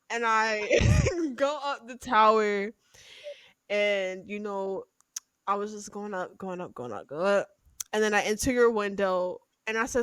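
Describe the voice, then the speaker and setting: Slow, giggly woman with a dry close sound. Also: mid-range voice, animated, a bit bright, smooth, no echo. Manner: giggly and profane, breaks into laughter. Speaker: podcast co-host. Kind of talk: improvised comedic role-play chat.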